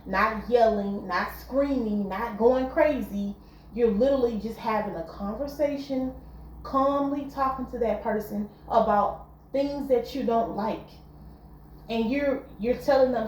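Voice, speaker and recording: A woman's voice: a little high, measured pace, darkish tone. Earnest woman talking in an echoey room. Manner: earnest, repetitive, conversational. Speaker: vlogger giving relationship advice. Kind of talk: casual monologue.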